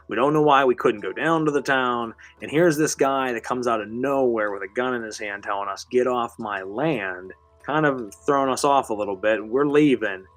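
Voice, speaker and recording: A man's voice: medium pitch, no echo. A man hosting a live show, telling a story in a casual, rambling, conversational way with casual swearing. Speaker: host.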